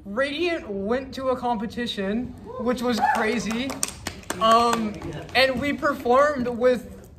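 A teenage boy in a choir talking earnestly to camera, with halting restarts. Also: extremely high pitch, very noisy. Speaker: choir member. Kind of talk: casual testimonial to camera.

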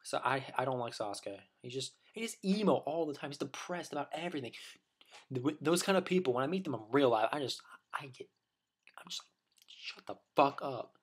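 A man's voice: medium pitch, expressive, brisk, husky. A man delivering a rambling, profane opinion rant as a vlogger, full of restarts and blunt insults.

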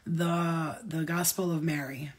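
A woman talking as a spiritual medium in a casual vlog, rambling, excitable and full of swearing. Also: deep voice, slow, breathy edge.

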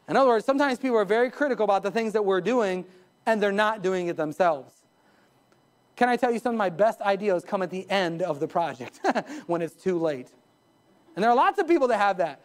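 A male pastor preaching a live sermon in a church, emphatic, with sudden rises and drops in pitch and pace and chuckles at his own jokes. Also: lively intonation, fairly quick. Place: church sanctuary.

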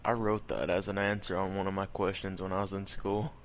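A man's voice: deep voice, level tone, brisk, dull audio, a little hiss or hum. Joking Southern man on a gaming stream. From American South. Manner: joking storyteller, laughs often. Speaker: streamer playing a shooter game. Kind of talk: casual gaming chat.

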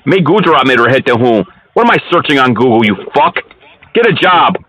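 A man's voice: medium pitch, very animated, brisk, fairly bright tone. A man making a casual prank phone call, teasing the person on the line and mixing in broken Hindi phrases. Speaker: scam-baiting prank caller.

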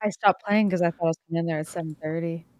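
A woman's voice: lowish voice, fairly even intonation, racing, a little mellow, no room sound. A woman chatting casually over a phone call, shy and giggly, laughing often.

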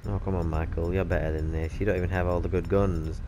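A man's voice: low voice, flat delivery, fast, music in the background. A man, swearing and joking constantly while commentating on his gameplay. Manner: sweary, joking, laughs often. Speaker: gaming channel host.

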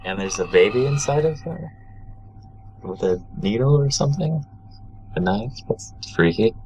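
A man on a call keeping a horror game player company, calm with brief replies. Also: mid-range voice, moderate pace, muffled recording, a little hiss or hum. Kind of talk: casual chat.

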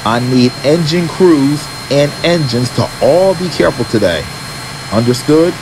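A man's voice: on the high side, animated, measured pace, background noise. A man voicing a serious middle-aged railway boss giving firm instructions.

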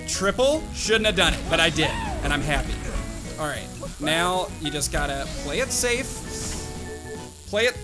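A man's voice: fairly high pitch, very animated, measured pace, pauses often, poor audio. A young man hosting a gaming channel, talking to himself through his gameplay in casual commentary, swinging between groans and cheers. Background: game music.

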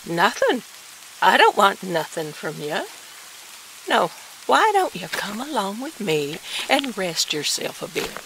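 An actress playing a caring woman friend who coaxes gently, in an audio drama. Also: medium pitch, big pitch swings, a little slow, a little hiss or hum, poor audio. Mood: coaxing. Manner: gentle, coaxing, folksy speech.

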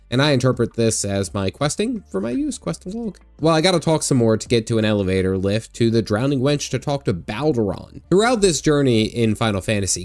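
A man's voice: medium pitch, a little mellow, no room sound. A man giving a joking, wisecracking voice-over commentary on a game he is playing, recorded close on a studio mic. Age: young adult to middle-aged. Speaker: gaming YouTuber.

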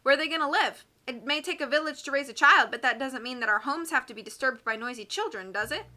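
Complaining villager voiced by a woman, loud and bright. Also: high-pitched, fast talker. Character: grumbling townsman in plaid pants.

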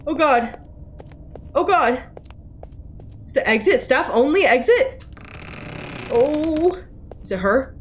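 Young female gaming streamer, jumpy and foul-mouthed; slow-ish delivery that breaks into shrieks. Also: sits high, animated, slight background noise. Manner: jumpy, swears a lot, shrieks in fright. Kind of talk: live gameplay commentary. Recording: game music playing behind.

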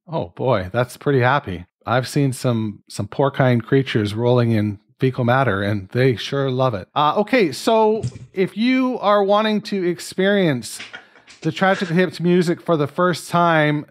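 A man's voice: medium pitch, measured pace. A man from Canada hosting a casual music podcast, chatty and jokey as he leads his friends through the discussion. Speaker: podcast host.

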